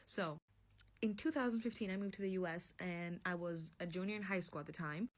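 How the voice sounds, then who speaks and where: Woman in her 20s from Greece, amused storyteller, deadpan punchlines. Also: lowish voice, fairly quick. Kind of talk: casual storytelling to camera.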